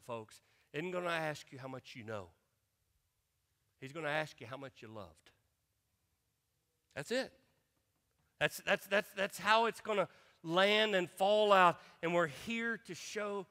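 Middle-aged male pastor, bright voice, fairly high, sermon delivery, pushes the room to respond. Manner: emphatic, asks the congregation to respond. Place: church sanctuary. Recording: long church reverb.

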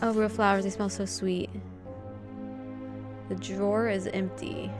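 Recorded on a studio condenser mic with game music behind her, a woman plays a horror adventure game and reads its text and dialogue aloud in her own voice, adding dry joking asides. Her pitch is medium, barely moving, and her pace is a little slow.

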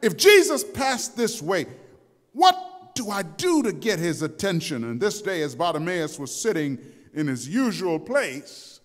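Animated preacher man, big hall echo. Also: high voice. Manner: dramatic storytelling, shouting out the quoted cries. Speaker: pastor. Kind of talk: sermon. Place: church sanctuary.

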